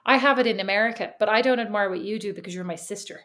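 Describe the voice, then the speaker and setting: A middle-aged Irish woman co-hosting a podcast, teasing her sister and telling family stories in an animated way. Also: mid-range voice, rapid-fire. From Ireland. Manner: teasing, animated storyteller doing family voices. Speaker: podcast co-host. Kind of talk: casual chat.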